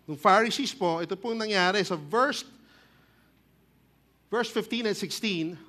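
A Filipino-accented male pastor preaches with lively energy, jumping into loud exclamations as he acts out the story. His voice sits high for a man and rings bright and forceful. He slips between English and Tagalog as he talks. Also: moderate pace. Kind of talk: sermon.

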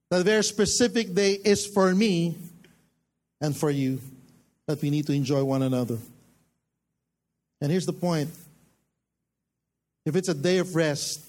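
A man with a Filipino accent preaching a sermon as pastor, switching between English and Tagalog, with emphatic bursts. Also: fairly high pitch.

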